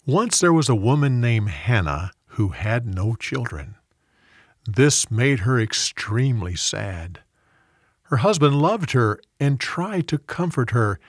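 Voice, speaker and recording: A man reading a Bible story aloud in a clear, expressive storybook manner. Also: medium pitch, slow pace, no room sound, studio quality.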